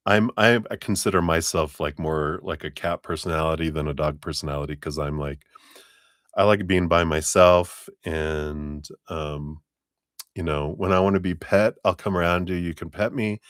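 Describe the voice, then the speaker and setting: A man's voice: low-pitched, fairly even intonation, normal speed, fairly bright tone, dry recording, studio quality. A man giving a chatty live tarot reading to viewers, laughing often and acting out playful quoted lines. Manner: acts out playful quoted voices for cats. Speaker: tarot reader.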